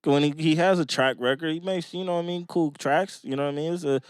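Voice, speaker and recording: A man's voice: on the high side, quick pace, smooth, no room sound, clean studio sound. A young man co-hosting a casual music podcast, talking in a laid-back, rambling way and often saying "you know what I mean.". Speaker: podcast co-host. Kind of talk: casual chat.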